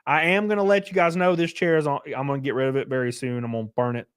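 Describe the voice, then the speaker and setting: A male streamer talking casually to his chat in a loose, profane way. His voice sits at an ordinary middle pitch, and he keeps calling out viewers by name. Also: fairly even intonation, quick pace, smooth. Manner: loose, swearing, shouts out chatters.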